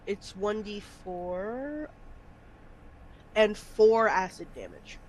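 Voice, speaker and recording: High-voiced joking male player. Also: big pitch swings, slight background noise, rough recording. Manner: joking, profane, quick banter. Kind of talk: tabletop game play.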